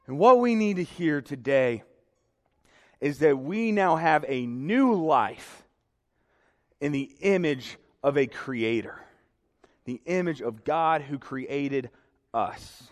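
A man's voice: a little high, animated, slow, long pauses. A young man preaching a sermon to a congregation, earnest and emotional. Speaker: pastor. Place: church sanctuary. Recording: reverberant hall.

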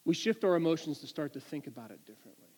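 A man preaching in story form, animated and stammering through restarts. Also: a little high, racing, slightly rough, in a large hall. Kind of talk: storytelling sermon.

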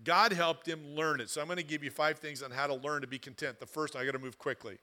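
Bright, high-voiced man preaching a sermon. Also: fairly even intonation, quick pace. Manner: swings between loud emphatic preaching and quiet conversational asides. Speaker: pastor.

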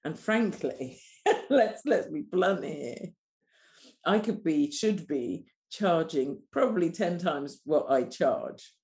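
A woman's voice: low voice, takes it slowly, echoey room. A woman, a doula and coach, speaking bluntly and passionately in a candid podcast conversation. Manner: blunt, passionate, sweary, animated.

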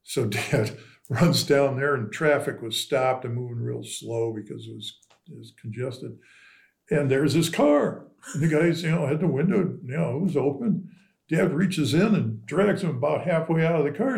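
Older man with a gravelly storytelling voice. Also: fairly high pitch, normal speed. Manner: animated anecdotes, quoting voices. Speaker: local history guest. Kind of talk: casual storytelling.

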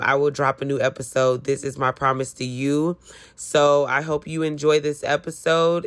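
A woman hosting a podcast in a casual, chatty and playful way, often laughing as she talks. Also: rumbling low. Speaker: podcast host. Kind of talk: casual chat.

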